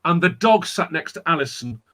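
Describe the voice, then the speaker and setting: A man's voice: on the high side, a little fast. A man telling a dramatic folk tale as a guest storyteller, acting out the characters' voices. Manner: animated, acts out characters' voices.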